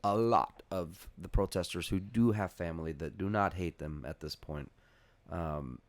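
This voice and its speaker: A man co-hosting a podcast, talking in relaxed, easygoing banter. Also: low-pitched, unhurried, no echo. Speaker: podcast co-host. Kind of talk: casual podcast chat.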